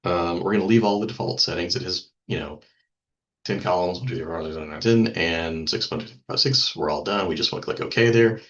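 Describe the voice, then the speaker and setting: A man teaching a software lesson over a screen recording, thinking aloud with ums and small self-corrections. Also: sits low, fast, muffled recording. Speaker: instructor.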